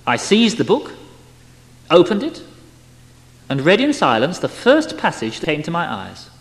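Male reader, emotional memoir delivery with animated pitch, recorded in a reverberant hall. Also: unhurried. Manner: expressive, emotional, wide swings in loudness. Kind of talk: dramatic reading of a spiritual memoir.

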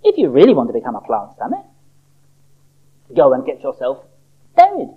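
A preacher voicing a kindly, fatherly male doctor who speaks gravely and reassuringly. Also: mid-range voice, wildly swooping pitch, moderate pace. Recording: dull lo-fi recording.

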